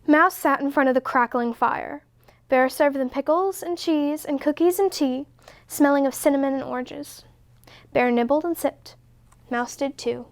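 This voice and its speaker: A woman reading a children's picture book aloud in a slow, expressive way. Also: high-pitched. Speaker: story reader. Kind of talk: storybook read-aloud.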